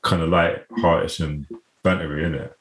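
A man's voice: rumbling low, fairly even intonation, normal speed, background noise. A man in a casual chat, talking in an easygoing, thoughtful way. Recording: roomy echo.

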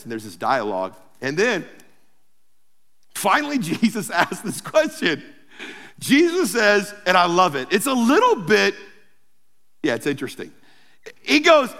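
A pastor preaching a sermon, telling the story in a humorous, lively way with playful asides. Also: male voice, high-pitched, measured pace, pauses often. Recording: long hall reverb.

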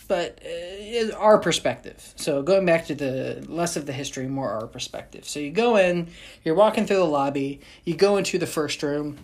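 A woman hosting a podcast, telling a story in a casual, animated, jokey way full of asides. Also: deep voice, moderate pace.

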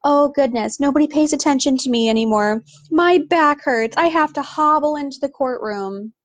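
A woman's voice: high voice, moderate pace, dry recording, pitched above the performer's own voice, close to an everyday voice. A woman mocking a whiny aging mogul. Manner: mocking, whining complaint. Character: whiny self-pitying aging male mogul.

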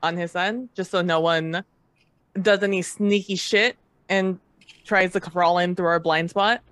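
A woman's voice: fairly low pitch, steady tone, measured pace, fairly bright tone, no room sound. Brash swearing woman at a game table. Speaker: player. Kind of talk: tabletop role-play chat.

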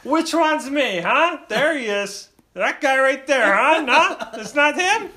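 A loud, high-pitched bearded dad, flustered and exasperated, talking in one endless run-on ramble, as a man puts him on. The voice is bright and loud and swings wildly up and down. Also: expressive, heavily acted. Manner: exasperated, rambling without pause.

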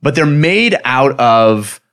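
A man's voice: medium pitch, animated, slow, a bit bright. A man co-hosting a casual, joking podcast and laughing often as he riffs. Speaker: podcast co-host. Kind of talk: casual comedic chat.

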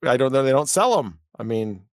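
Man, podcast guest, dry humor, very animated pitch, dry close sound. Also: a little fast, no room sound. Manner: dry joking, lively intonation. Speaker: podcast guest, game master. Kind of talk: casual chat.

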